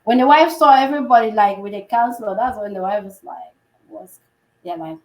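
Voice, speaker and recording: A healthcare provider, a woman, telling a story with real animation. She slips into the voices of the people in her tale, and the room adds a noticeable echo around her middle-pitched voice. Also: a little fast, a little hiss or hum. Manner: animated, acts out quoted dialogue. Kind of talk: conversational storytelling. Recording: roomy echo.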